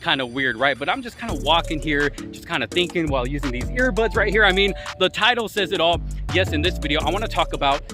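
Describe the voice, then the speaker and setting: A man's voice: on the high side, animated, fast talker, few pauses, over music. A man chatting casually about earbuds while walking outdoors, recorded on a phone he carries, talking loosely with lots of fillers. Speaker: tech vlogger. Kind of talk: casual walk-and-talk review. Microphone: phone he carries with him.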